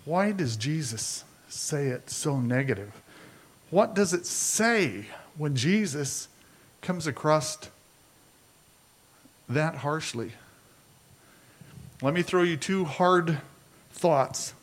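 A man's voice: a little high, animated, takes it slowly, pauses often. Male pastor preaching in a conversational way. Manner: conversational preaching with rhetorical questions. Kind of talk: sermon.

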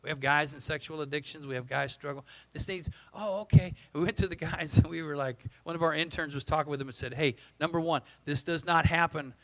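A man in his sixties, a pastor, preaching a storytelling sermon in an animated, humorous way, acting out the people in his stories. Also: on the high side, quick pace, few pauses, poor audio.

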